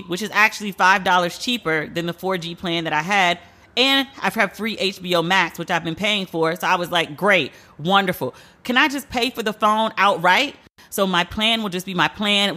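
On a podcast, a young woman with a lowish, bright voice speaks forcefully in a laid-back comic rant. She's blunt and foul-mouthed, acting incredulous throughout.

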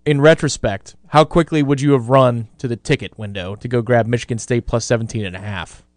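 A man's voice: medium pitch, a little fast, dry recording. A man co-hosting a casual sports betting chat, teasing his partner and prodding him with questions while laughing.

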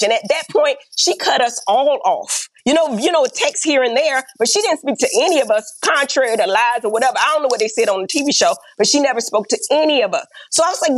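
A blunt, animated woman with a high voice tells candid stories in an interview. She acts out the back-and-forth of conversations and keeps checking in with "right?" She sounds middle-aged. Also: fairly quick. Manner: blunt and animated, acts out quoted dialogue, peppers talk with "right?". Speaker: reality TV star and podcast guest.

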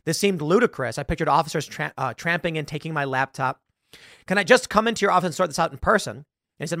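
A man's voice: on the high side, lively intonation, fast, a bit bright, no room sound, clean studio sound. A man hosting a podcast, telling a story in a casual, sarcastic way and acting out the voices of the people he quotes. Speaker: podcast host. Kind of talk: casual commentary.

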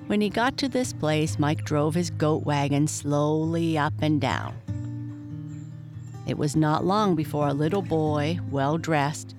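A woman narrating a children's story in a steady, clear reading voice. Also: low voice. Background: faint guitar music.

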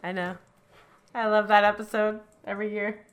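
A woman co-hosting a podcast in casual chat, wry and teasing, quick to laugh. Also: medium pitch, flat delivery. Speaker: podcast co-host.

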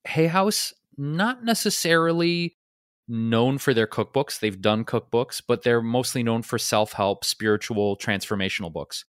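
A man co-hosting a podcast, telling a long story in a relaxed, rambling way with fillers. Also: medium pitch, measured pace, clear, resonant tone, no room sound, clean studio sound. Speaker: podcast co-host. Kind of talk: casual storytelling.

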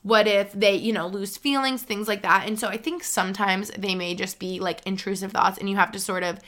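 A woman's voice: medium pitch, steady tone, brisk, fairly bright tone. A young woman in her twenties hosting a podcast, giving earnest relationship advice in a chatty, filler-heavy way. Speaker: podcast host. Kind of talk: casual advice chat.

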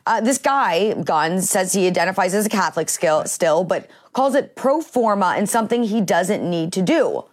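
A woman's voice: medium pitch, moderate pace, few pauses. Woman morning-show host leading banter. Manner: steady, leads topics with "uh" fillers. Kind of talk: casual talk-show banter.

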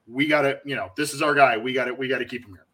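Man, podcast host, casual sports chat, conversational, fillers, mid-pitched. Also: rapid-fire, a bit bright. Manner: conversational, chatty with frequent fillers.

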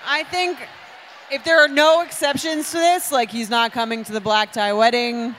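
A woman's voice: a little high, flat delivery, moderate pace, a bit bright, a little hiss or hum. A woman co-hosting a live comedy show, giving wry opinions with a laugh. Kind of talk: live comedy panel banter.

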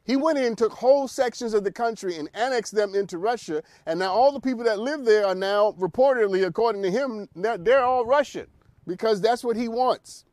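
High-voiced emphatic male talk host. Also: fairly quick, darkish tone, dry recording. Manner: emphatic, rhetorical questions, repeats phrases. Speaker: radio show host. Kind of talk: opinionated talk radio monologue.

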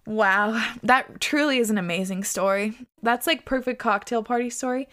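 A woman's voice: medium pitch, normal speed, fairly bright tone. A young woman hosting a casual podcast, reading listener stories aloud with chatty, laughing reactions and plenty of swearing. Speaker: podcast host.

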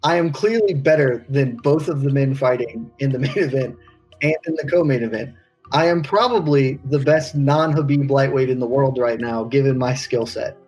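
A man's voice: medium pitch, moderate pace, darkish tone, husky, soft background music, close to an everyday voice, poor audio. A man speaking as a cocky, aggrieved male fighter, in his own voice with no accent, ranting sarcastically. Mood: indignant.

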